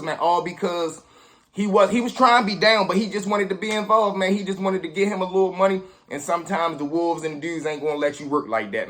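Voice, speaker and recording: A young man casually telling a street story to his viewers in slang, acting out what people said. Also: sits high. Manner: animated, street slang, acts out quotes. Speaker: storyteller host.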